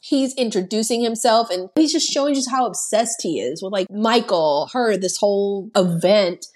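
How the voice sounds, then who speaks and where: A woman's voice: mid-range voice, normal speed, a little mellow. A woman co-hosting a podcast, casually recapping a movie with plenty of swearing and laughter. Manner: profane, laughing storyteller. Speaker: podcast co-host.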